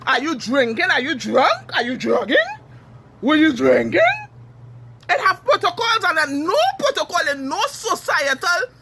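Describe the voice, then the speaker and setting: A Trinidadian woman giving a heated, cursing social media rant, furious and shouting at times. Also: high voice, lively intonation, moderate pace, creaky, slight background noise. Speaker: TikTok commenter.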